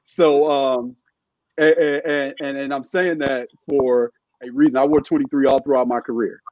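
A Californian man in his fifties, a former sportswriter and scout, guests on a podcast giving emphatic sports analysis, repeating his points and building arguments through analogies. His mid-range voice moves at a moderate pace with fairly even intonation, and the recording is muffled with no room sound.

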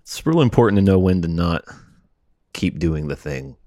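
A man's voice: low voice, expressive, normal speed, dark tone, no room sound. A man co-hosting a podcast, teasing his friend and giving playful advice in casual chat. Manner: teasing, gives pep-talk advice, asks mock interview questions. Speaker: podcast co-host.

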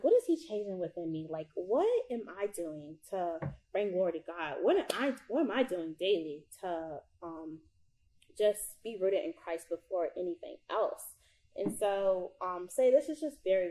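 Young woman giving an animated devotional talk. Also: mid-range voice, rough recording. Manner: animated, repeats words for emphasis; heavy use of "like" and "um". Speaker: Christian speaker.

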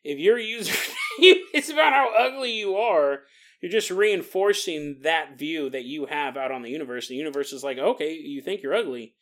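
A man's voice: fairly high pitch, expressive, moderate pace, a bit bright. A man hosting a solo podcast in a casual monologue, laughing often and acting out the people he quotes. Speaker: podcast host.

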